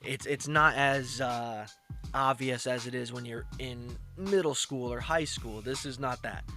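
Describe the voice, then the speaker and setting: A man's voice: medium pitch, steady tone, a little slow, bright, forceful tone, soft background music. A man giving casual, blunt commentary on a clip, lecturing and swearing now and then. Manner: lecturing, blunt, profane asides.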